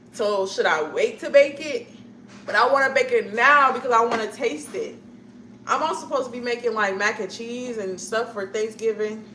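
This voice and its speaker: Young woman streamer, bright voice, loose rambling chat, echoey room with faint hum. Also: a little high. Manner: rambling, chatty, laughs often. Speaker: streamer chatting with viewers. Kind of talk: casual chat to live viewers.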